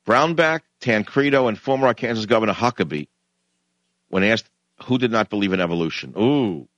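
A middle-aged man hosting a radio talk show, delivering a combative, sarcastic monologue that swings from mutters to loud, animated bursts. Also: lowish voice, brisk, dry recording.

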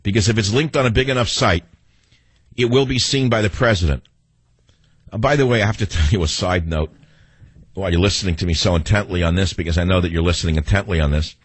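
A man's voice: deep voice, quick pace, slightly rough, dry recording. A man with a New York accent hosting a talk radio show, delivering a combative, emphatic and self-assured monologue.

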